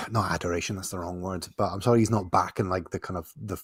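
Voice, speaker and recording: A man's voice: sits low, steady tone, fast talker, a bit bright, husky. A man on a podcast, chatting casually in a rambling way, often searching for the right word. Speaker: podcast host. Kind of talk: casual comedic chat.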